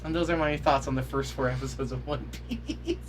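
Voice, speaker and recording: A man's voice: medium pitch, brisk, a little hiss or hum. A man on a podcast reading out his joking reactions to a show. He is sarcastic, swears freely and breaks into bursts of mock outrage. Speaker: podcast co-host. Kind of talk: reading out humorous episode reactions. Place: podcast studio.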